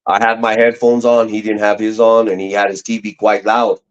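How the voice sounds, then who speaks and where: Brief: low-pitched middle-aged man, slangy rambling storyteller, muffled lo-fi audio. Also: little pitch movement, a little fast. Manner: slangy, rambling, frequent restarts. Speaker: guest. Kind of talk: casual storytelling chat.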